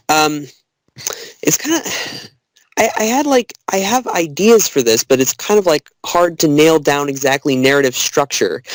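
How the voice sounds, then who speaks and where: A man's voice: a little high, no echo, rough recording. A man hesitantly brainstorming an episode idea, searching for words with many fillers. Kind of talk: casual brainstorming.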